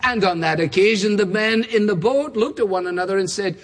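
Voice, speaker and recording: A man's voice: high-pitched, brisk, hardly any pauses. A man preaching a sermon, emphatic and building his points with repeated phrases, in a large church. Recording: long reverb of a large hall.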